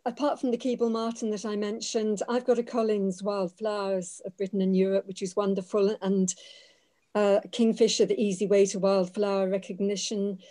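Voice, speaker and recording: A woman on a video call with a mellow, soft-toned voice. She talks with enthusiasm but haltingly, often repeating words as she gathers her thoughts. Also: mid-range voice, level tone. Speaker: botanist panellist. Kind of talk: casual webinar answer.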